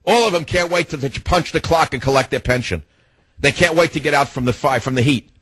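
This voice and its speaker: A combative male radio host with a husky, slightly rough voice, firing off indignant rhetorical questions. The sound is dry and close, with no room around it. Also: fairly high pitch, brisk, a bit bright, no echo, low-quality recording. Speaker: radio talk show host. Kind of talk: political talk radio monologue.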